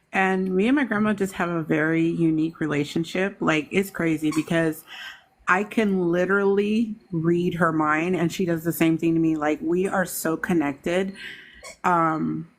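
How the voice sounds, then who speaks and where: A woman with a slightly low voice tells a story in lively, casual chat. She speaks freely and keeps the tale moving. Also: measured pace. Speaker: podcast panelist.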